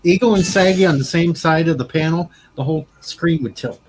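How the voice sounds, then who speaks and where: A man's voice: a little high, brisk, a crowd in the background, poor audio. A man in a casual group voice chat, wry and joking. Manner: wry joker.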